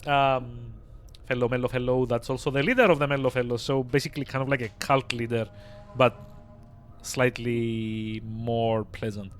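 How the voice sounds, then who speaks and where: A man livestreaming and chatting casually with viewers, excitable and laughing, his voice slightly hoarse. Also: medium pitch, fairly quick. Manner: chatty, excitable, laughs often, many fillers.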